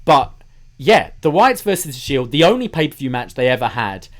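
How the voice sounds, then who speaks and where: A man co-hosting a casual wrestling podcast, measured as he recaps dates and venues. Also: mid-range voice, big pitch swings. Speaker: podcast co-host.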